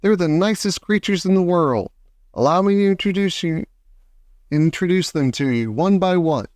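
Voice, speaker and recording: A man plays a bright, welcoming young boy from a storybook who chants rhyming verse. The voice is lifted above the reader's own. It sounds dry and close. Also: fairly high pitch, no echo, close to an everyday voice. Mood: cheerful. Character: cheerful young boy, friendly and eager.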